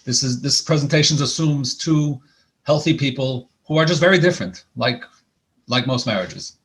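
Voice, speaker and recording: Speaking at a normal speed in a mid-range voice, a man who works as a couples therapist presents a lecture on marriage in a lecture hall, keeping it conversational but often starting over and doubling up on words.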